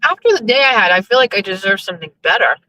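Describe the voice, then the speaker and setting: A woman's voice: medium pitch, expressive, rapid-fire, pushed and bright, a little hiss or hum, low-quality recording. A young woman host chatting casually to her listeners while driving, rambling and cursing in exasperation. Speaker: show host.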